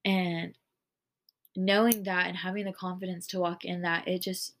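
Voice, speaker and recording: A woman's voice: on the low side, little pitch movement, moderate pace, slight background noise. A woman hosting a casual faith podcast, talking earnestly and rambling, with lots of "like". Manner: earnest, rambling, heavy use of "like". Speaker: podcast host.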